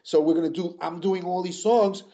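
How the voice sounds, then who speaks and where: An older man in a casual interview, rambling through his stories and circling back with restarts. His voice sits a bit high for a man and has a mellow, dark tone. The audio sounds dull, like lo-fi radio. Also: steady tone, normal speed. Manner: rambling, full of "you know" and restarts. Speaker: guest musician.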